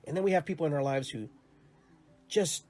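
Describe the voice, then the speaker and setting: A man's voice: fairly high pitch, a little fast, darkish tone, soft background music. A man hosting his own show, talking in an earnest, rambling monologue with many repeated words. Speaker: podcast host and youth soccer coach. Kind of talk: casual reflective monologue.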